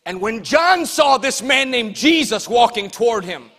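Male pastor, high and bright voice, slow emphatic sermon delivery rising to shouts, faint congregation behind. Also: animated, some chatter behind. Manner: rhythmic, emphatic preaching that swings from hushed to shouting.

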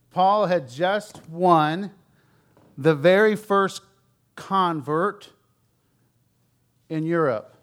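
Male preacher, a touch high-pitched, candid and conversational, with loud stresses and soft asides. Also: smooth. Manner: swings between loud emphasis and quiet low asides. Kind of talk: sermon.

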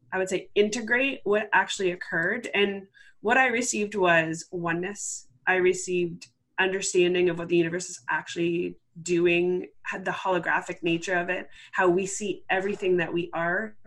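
A woman's voice: on the low side, fairly bright tone. A woman guest telling a personal story in a casual, chatty way, full of "like" fillers and acting out what she once said. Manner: chatty, full of "like" fillers, acts out her own past words. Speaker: interview guest.

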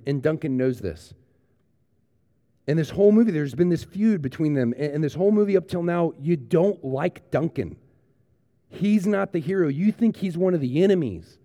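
A man preaching a sermon as pastor, retelling a story earnestly and then moving into a quiet prayer. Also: a little high, big-room sound.

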